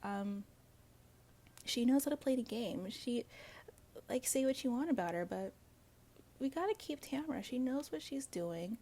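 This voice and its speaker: Woman host, gravelly mellow voice, blunt gossipy solo commentary. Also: a little high, lively intonation, unhurried, long pauses. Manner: blunt, gossipy, swears freely; chatty with frequent fillers and asides. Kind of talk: casual solo commentary to viewers.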